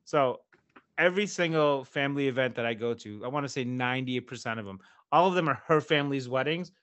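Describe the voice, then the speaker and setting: Fast-talking animated man telling a story. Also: medium pitch. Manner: animated, acts out quoted dialogue, laughs often; swears casually. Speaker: podcast co-host. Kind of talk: casual storytelling chat.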